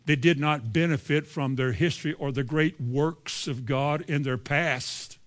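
High-voiced man preaching a sermon. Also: measured pace. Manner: animated, paraphrasing scripture in folksy speech.

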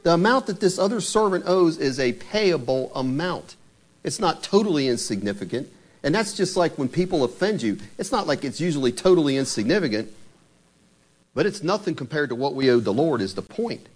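A married man preaching a sermon in an animated way, asking many rhetorical questions and retelling scripture. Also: a little high, fairly quick. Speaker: pastor.

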